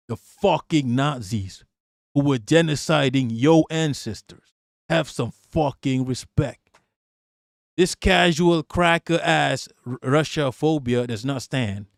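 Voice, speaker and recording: A man's voice: on the high side, creaky, no room sound, studio quality. Emphatic, foul-mouthed male streamer ranting. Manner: emphatic, repetitive, swears constantly. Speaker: live-stream political commentator. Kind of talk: profane reaction rant.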